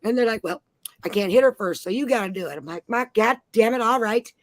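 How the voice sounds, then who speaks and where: A woman's voice: on the high side, quick pace, no room sound. A woman in her forties telling brash, profane stories in a casual chat. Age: 40s. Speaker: panel host.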